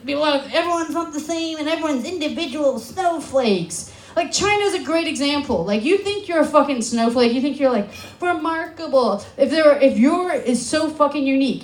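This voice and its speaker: A young American woman from Alaska doing a stand-up comedy set on a club stage, brash, sarcastic and full of swearing, with quick asides to the crowd. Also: sits high, roomy sound. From Alaska, USA.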